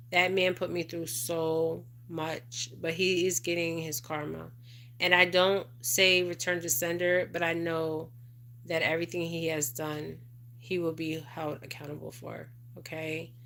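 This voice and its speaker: Middle-aged woman, casual livestream host, rambling and repetitive, bright tone, even flat pitch. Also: creaky, slight background noise. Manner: rambling, repeats "okay?" and "you guys", emotional asides. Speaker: spiritual advisor livestream host. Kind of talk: casual livestream chat reading viewer comments.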